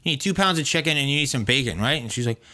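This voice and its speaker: A man co-hosting a podcast, telling a workplace story in casual, profane, animated chat. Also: mid-range voice. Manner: profane, animated retelling with quoted voices; fast, rambling with fillers. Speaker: podcast co-host.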